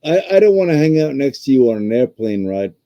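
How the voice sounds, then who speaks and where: A man's voice: mid-range voice, very animated, a little fast, warm tone, dry recording. A man guesting on a casual podcast, easygoing and self-deprecating, heard over a dull lo-fi line. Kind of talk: casual chat.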